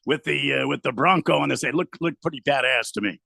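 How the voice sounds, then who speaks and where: A man co-hosting a sports radio show, excitable and hesitant, with lots of fillers. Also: medium pitch, quick pace, gravelly, dry recording, clean studio sound. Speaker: radio co-host. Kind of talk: casual sports talk.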